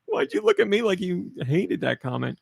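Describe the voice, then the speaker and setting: A man's voice: high-pitched, huge pitch swings, moderate pace, creaky, slightly rough, no echo. A man co-hosting a casual podcast, trading dry, teasing banter and reading a game description aloud. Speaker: podcast co-host.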